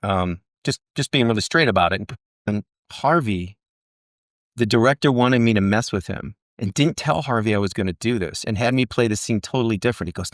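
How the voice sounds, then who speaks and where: Speaking fairly quickly in a voice on the low side, this middle-aged actor recounts stories from his career during a casual interview. He performs the people he quotes with lively animation, and the recording is dry and studio quality.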